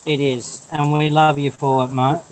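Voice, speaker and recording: A man's voice: a little high, level tone, moderate pace, poor audio. An Australian man in casual chat, crude and swearing freely, over a video call.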